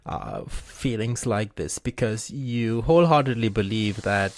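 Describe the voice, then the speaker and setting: A man's voice: fairly low pitch, sing-song, unhurried, vocal fry, dry recording, studio quality. A man co-hosting a podcast, asking questions in a curious, hesitant way. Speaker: podcast co-host. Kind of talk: podcast interview.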